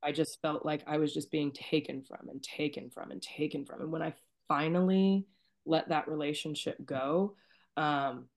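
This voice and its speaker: Lady with a low voice telling her life story, soft and teary, trails off quiet. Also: fairly even intonation, moderate pace, vocal fry. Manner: soft-spoken, tearful at times, trailing off quietly. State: emotional, near tears. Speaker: podcast guest. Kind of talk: emotional personal storytelling.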